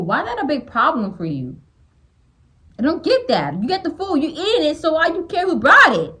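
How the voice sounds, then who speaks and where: A woman ranting in a lively, high voice. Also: low-quality recording. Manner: ranting, repeats and restarts phrases, blunt and exasperated. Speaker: small YouTuber reacting to a reality show. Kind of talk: casual reaction commentary.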